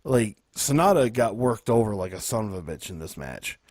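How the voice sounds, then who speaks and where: A man's voice: fairly low pitch, sing-song, moderate pace, darkish tone, dry recording. A man co-hosting a wrestling podcast in a laid-back, dry, profane way. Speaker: podcast co-host. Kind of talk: casual wrestling chat.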